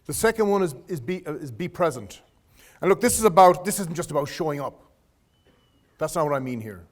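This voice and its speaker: A middle-aged man, a guest lecturer in a lecture hall, speaks to students about leadership in a fairly high, expressive voice at a fairly quick pace. He tells stories from his career conversationally, often restarting phrases and addressing the audience directly.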